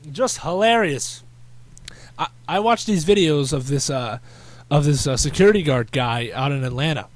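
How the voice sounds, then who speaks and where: Fairly high in pitch, with lively intonation and a moderate pace, this man runs a podcast. He spins rambling stories in casual conversation, leaning on crude slang, fillers, and restarts.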